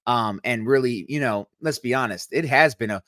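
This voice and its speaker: An energetic man chatting casually as co-host, quick to joke and to lighten the mood. His voice sits at an ordinary middle pitch and comes across dry and close, with no room sound. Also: no echo. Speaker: podcast co-host. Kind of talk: casual chat.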